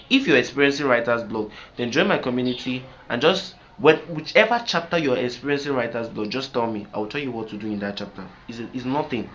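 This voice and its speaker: A man's voice: medium pitch, fairly bright tone. Guy coaching writers, pushy and repetitive, kinda muffled lo-fi audio with a bit of hiss. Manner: emphatic, repetitive, asks "do you get me?". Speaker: writing coach. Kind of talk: instructional talk to camera. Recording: slightly dull lo-fi sound with faint noise.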